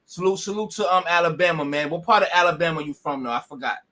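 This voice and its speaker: A man's voice: fairly high pitch, fast talker, pushed and bright. A man hosting a casual live talk stream, laid-back and slangy, prompting his guest to talk. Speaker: stream host.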